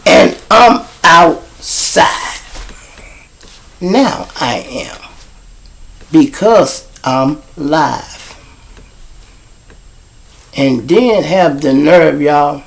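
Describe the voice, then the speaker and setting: A man's voice: on the high side, lively intonation, extremely slow, creaky, long pauses, fairly bright tone. A middle-aged man telling street stories outdoors to a live audience, blunt, profane and mocking. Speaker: show host and storyteller.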